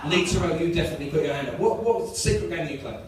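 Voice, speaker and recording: A man does live stand-up in a chatty, self-mocking way. His voice sits fairly high. He is heard from a distance in an echoey club over a noisy room. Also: expressive, very fast. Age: 30s. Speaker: stand-up comedian. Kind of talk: live stand-up with crowd work. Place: comedy club.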